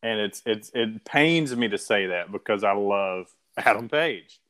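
An American man hosts a casual podcast chat, rambling with restarts and laughing often. His voice sits on the low side, animated and a bit bright, and he keeps a measured pace.

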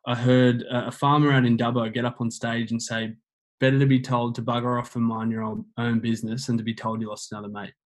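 A man's voice: medium pitch, little pitch movement, fast, poor audio. A man, speaking earnestly as a guest about men opening up, often repeating phrases as he explains. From Australia. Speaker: guest on men's mental health. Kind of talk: casual conversational interview.

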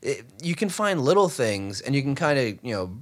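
A man's voice: mid-range voice, big pitch swings, normal speed. A young adult man co-hosting a casual podcast, rambling and self-deprecating as he walks through his research. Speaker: podcast co-host presenting research.

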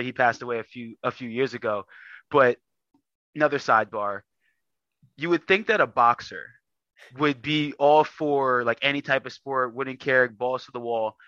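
A man tells stories in a relaxed podcast chat, full of fillers and restarts. His voice sits bright and forward. The sound is dry and a little muffled. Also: mid-range voice, no echo. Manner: storytelling, animated with frequent fillers. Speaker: guest athlete.

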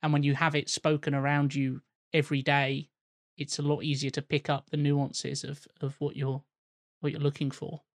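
A man chatting on a podcast in a relaxed, easygoing way, with lots of ums and likes. His voice sits a little above the usual range for men. The sound is close and dry. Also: a little high, moderate pace, dry recording. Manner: laid-back, laughs often, many fillers. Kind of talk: casual chat.

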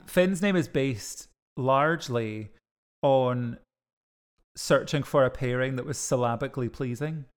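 A man's voice: medium pitch, unhurried, smooth. Chatty Scottish man co-hosting a podcast. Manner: chatty, laughs easily, mimics voices in anecdotes. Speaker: podcast co-host. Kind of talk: casual chat.

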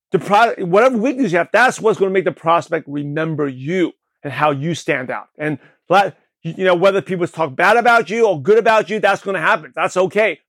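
A man from Brooklyn, New York, hosting a show and giving an energetic motivational talk on network marketing, with a slight lisp, often checking in with the listener. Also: high voice, no echo. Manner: energetic, repetitive, asks the listener questions. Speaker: podcast host, network marketing coach.

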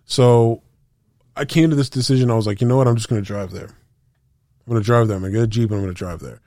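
Animated storytelling podcast man. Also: mid-range voice, fast talker, no echo, studio quality. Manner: animated, profane, acts out quotes with sound effects. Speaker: podcast co-host. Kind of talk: casual storytelling chat.

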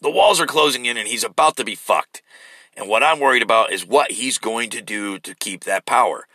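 A man's voice: medium pitch, brisk, sharp tone, dry recording. A man delivering a blunt, profane political rant, swearing freely and talking over his own restarts. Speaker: political commentator. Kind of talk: ranting monologue.

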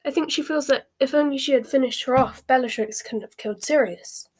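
A woman's voice: high voice, a little fast, husky. A woman voicing an earnest, indignant, clever teenage girl witch.

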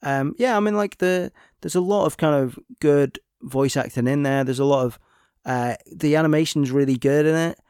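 A man's voice: on the high side, moderate pace, clear, resonant tone, dry recording. Exasperated male film reviewer, dry sound. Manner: animated, exasperated outbursts with many fillers. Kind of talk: casual film review chat.

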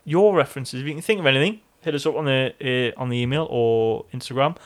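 A man co-hosting a podcast in casual chat, animated, swearing freely and acting out excited reactions. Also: mid-range voice, fast. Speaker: podcast co-host.

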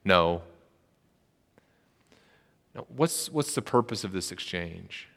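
A man's voice: lowish voice, expressive, moderate pace, vocal fry, in a large hall. A man preaching a sermon as a pastor, retelling a story and acting out its quotes.

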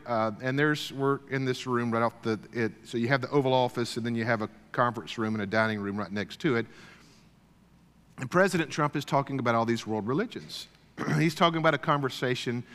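A middle-aged man preaches in an easy, folksy storytelling way, with plenty of fillers and throat-clearing. His voice sits at an ordinary middle pitch for a man. It carries a long reverb, as if he is in a big hall. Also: a bit bright. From Deep South, USA. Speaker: speaker at a church gathering. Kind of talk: storytelling sermon.

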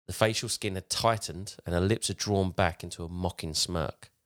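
A man with a very low, deep voice spins a long tale in a relaxed podcast chat. He wanders and restarts his sentences as he goes, keeping it casual. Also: moderate pace. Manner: rambling, with frequent restarts while retelling a tale. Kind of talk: casual storytelling.

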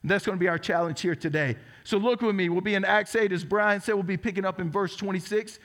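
High-voiced Southern US pastor preaching. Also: male voice, quick pace, a bit bright. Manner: earnest storytelling with self-deprecating humor. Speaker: teaching pastor. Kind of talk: sermon. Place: church sanctuary.

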